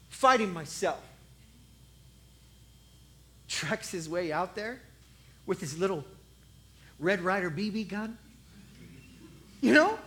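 A preacher telling a Bible story in an animated, conversational, jokey way. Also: medium pitch, normal speed, long pauses. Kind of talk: comic sermon storytelling.

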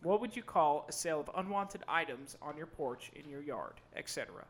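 A man's voice: a little high, animated, brisk. A young man in casual podcast chat, joking around and swearing freely.

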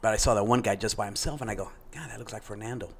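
A man's voice: lowish voice, very fast, creaky, breathy edge. A middle-aged man co-hosting a podcast, telling a story casually and acting out the voices he quotes. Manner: animated, acts out quoted voices. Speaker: podcast co-host.

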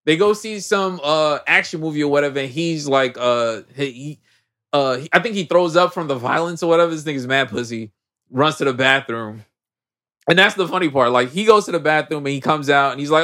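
A man's voice: fairly high pitch, a little fast. A man co-hosting a podcast, recapping a movie in casual slangy chat and acting out the characters' lines. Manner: animated slangy storytelling, acts out characters' lines. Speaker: podcast co-host.

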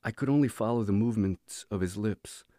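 Low-voiced man reading an audiobook. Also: brisk, warm tone, dry recording, studio quality. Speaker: teacher reading to students.

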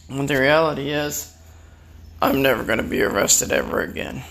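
A man's voice: a little high, big pitch swings, slow pace, pauses often, pushed and bright, a little hiss or hum. A man delivering a bitter, defiant personal rant, swearing and taunting his enemies. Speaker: vlogger. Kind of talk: angry personal rant to camera.

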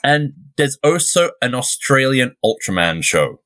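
A man's voice: mid-range voice, sing-song, measured pace, sharp tone. A young English man co-hosting a podcast, rambling through digressions and swearing freely. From England. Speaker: podcast co-host. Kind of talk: casual chat.

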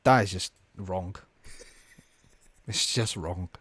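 A man's voice: deep voice, drawn-out words, a bit bright, no echo. Young man bantering in slang. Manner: banter-heavy, laughs often, slangy. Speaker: podcast host. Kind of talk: casual chat with friends.

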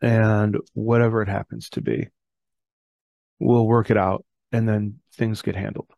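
Podcast host, middle-aged man, gravelly, earnest reflective talk, dry close sound. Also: on the low side, flat delivery, unhurried, no echo, lo-fi sound. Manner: earnest, reads scripture aloud, self-correcting.

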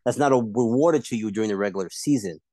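A man co-hosting a casual sports podcast, debating rivalries and jumping high in pitch when he argues. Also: fast talker, dry recording. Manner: animated, pitch jumps high when arguing.

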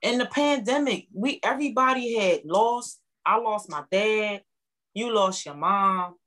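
A woman speaking, giving an emotional, heartfelt testimonial as a guest, animated and repeating herself for emphasis. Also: medium pitch, a little slow, low-quality recording. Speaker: guest, network marketing member.

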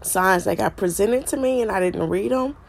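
A woman's voice: mid-range voice, normal speed, gravelly. A middle-aged woman hosting a faith podcast, stuffy and congested from a cold, earnestly repeating her points like a preacher. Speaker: podcast host.

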